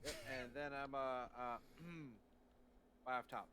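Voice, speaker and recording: A man's voice: fairly even intonation, slow pace, noisy background. Laid-back man calling his card moves. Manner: low-key, short remarks about his moves. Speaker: card game player. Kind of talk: casual game-night banter. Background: faint music.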